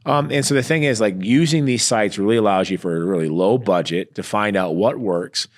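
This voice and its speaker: Middle-aged guy, lowish voice, animated entrepreneur telling stories in a chill interview. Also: fairly quick. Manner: animated storyteller, acts out quoted exchanges. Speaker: entrepreneur guest. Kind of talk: casual business interview.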